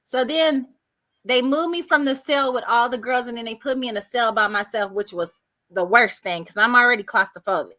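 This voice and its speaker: A woman with a bright, fairly high voice tells her story on a video call. She talks in a casual, animated way and slips into quoted voices as she goes. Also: fairly quick. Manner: animated, acts out others' words in quotes. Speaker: podcast guest.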